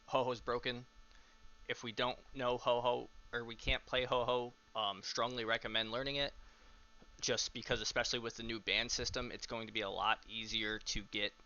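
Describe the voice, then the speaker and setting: A young man coaches his teammates over a voice call in a relaxed, step-by-step way, dropping frequent ums as he goes. His tone is strikingly bright and sharp, and it comes through dull, lo-fi call audio. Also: medium pitch, normal speed. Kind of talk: casual coaching over voice chat.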